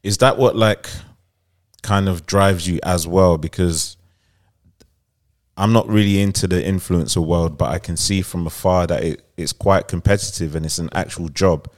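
A man's voice: sits low, steady tone, moderate pace. A man co-hosting a podcast, laid-back and cracking dry jokes. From United Kingdom. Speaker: podcast co-host. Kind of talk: casual podcast chat.

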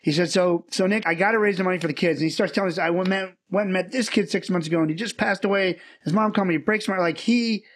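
A man telling stories as a guest on an interview show, acting out the people he quotes. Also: sits high. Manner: fast, animated storyteller who acts out quotes. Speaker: podcast guest. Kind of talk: casual storytelling interview.

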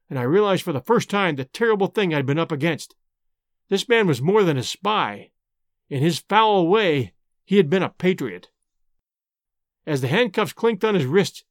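A man narrating an adventure story with expressive, dramatic delivery. His voice sits fairly high and swings widely in pitch. The sound is dry and close, with no room echo. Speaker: audiobook narrator and host.

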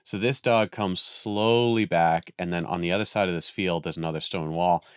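Low voiced guy rambling thru a story, keeps restarting, dry mic. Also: fairly even intonation, moderate pace, smooth, no room sound. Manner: rambling, restarts a lot, acts out voices in stories. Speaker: guest on a dog training podcast. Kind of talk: casual storytelling chat.

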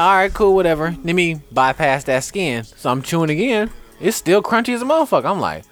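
A man on a podcast, chatting casually and telling a story in slangy, animated speech. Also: fairly high pitch, a little fast, faint music behind. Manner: animated, slangy, laughs while telling stories.

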